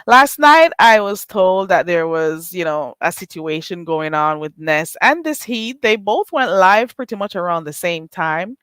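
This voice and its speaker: A woman's voice: lowish voice, expressive, unhurried, hardly any pauses, fairly bright tone, clear, resonant tone, no room sound. A middle-aged woman, hosting a casual live stream, teasing and sarcastic as she greets her chat and laughs often.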